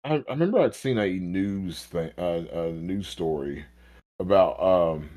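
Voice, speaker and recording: A man's voice: sits low, unhurried. Chatty man telling stories, laughing often. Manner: animated storytelling, laughs a lot. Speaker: podcast co-host. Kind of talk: casual podcast chat.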